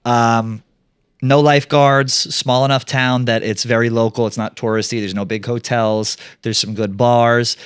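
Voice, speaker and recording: A man's voice: mid-range voice, level tone, a little slow, smooth, no echo. Upbeat man in a dry studio. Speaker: podcast host. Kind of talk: casual chat and ad read.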